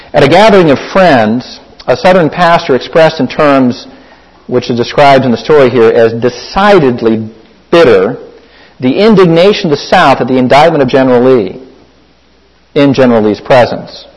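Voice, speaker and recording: A man's voice: medium pitch, poor audio. A man preaching an earnest sermon as a pastor, urging his listeners to act on their faith. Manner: earnest, exhorting the congregation.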